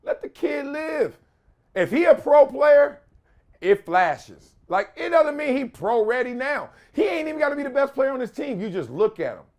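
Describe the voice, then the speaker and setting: A man hosting a podcast, talking in animated casual commentary, laughing often and slipping into quick voices of other people. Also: very high voice. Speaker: podcast host.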